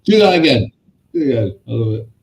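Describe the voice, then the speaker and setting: A man's voice: medium pitch, fast, crowd noise, poor audio. A man, co-hosting a casual chat and telling a story with lots of swearing and acted-out voices. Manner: animated storyteller, swears a lot, acts out voices and shouts. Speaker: podcast co-host.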